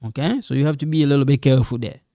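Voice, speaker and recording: A man's voice: mid-range voice, very fast, mellow, dry recording, clean studio sound. A man teaching a beginner French lesson, patiently repeating words and reassuring his students. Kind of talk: recorded beginner language lesson.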